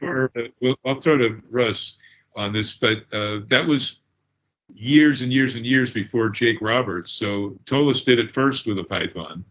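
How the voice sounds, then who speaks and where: A man's voice: medium pitch, a little slow, fairly bright tone. A man co-hosting a podcast, speaking hesitantly as he hands off to another host. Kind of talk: casual chat. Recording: dull lo-fi audio, off-mic.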